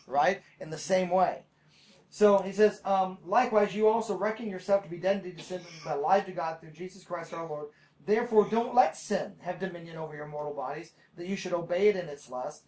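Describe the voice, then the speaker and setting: A man's voice: sits high, normal speed. A man leading a casual Bible study, reading scripture aloud and breaking off to explain, with many fillers and restarts.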